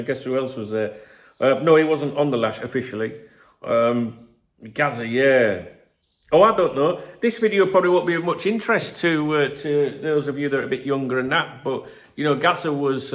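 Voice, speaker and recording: A man's voice: medium pitch, a bit bright. A man in his fifties hosting a football channel, talking casually to camera in a rambling, chatty way, full of asides and the odd swear word. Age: 50s. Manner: rambling, chatty, peppered with "you know what I mean" and swearing.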